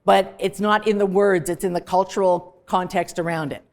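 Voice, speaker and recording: A woman's voice: lowish voice, steady tone, normal speed. A woman professor giving a direct, emphatic recorded lecture to students. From Canada. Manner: direct, emphatic, dismissive of clichés.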